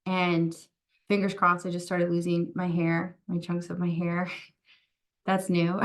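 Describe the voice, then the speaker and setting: A woman's voice: fairly low pitch, monotone, slow. A woman guest on a podcast, talking candidly and reflectively in casual chat, acting out her own thoughts as quotes. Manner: candid, reflective, many fillers and acted-out quotes.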